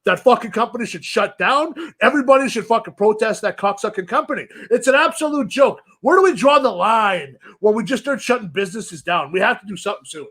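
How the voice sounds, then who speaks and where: High-voiced man swearing through an angry rant. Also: expressive, brisk, few pauses, fairly bright tone. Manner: swears heavily, angry ranting. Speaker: podcast host. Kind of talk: casual podcast rant.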